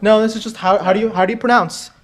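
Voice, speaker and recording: A man with a somewhat high voice hosts a quiz for a room full of people. He is chatty and jokey, doubling back on his words as he goes. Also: steady tone, quick pace. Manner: joking, chatty, repeats himself. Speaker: quiz host. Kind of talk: live conference pub quiz hosting. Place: conference room with audience.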